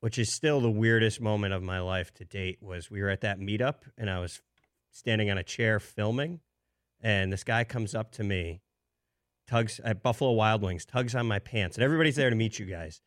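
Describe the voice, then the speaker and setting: A young man on a casual show, telling stories in a relaxed way and laughing often. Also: on the low side, normal speed, dry recording, studio quality. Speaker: show regular. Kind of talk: casual chat.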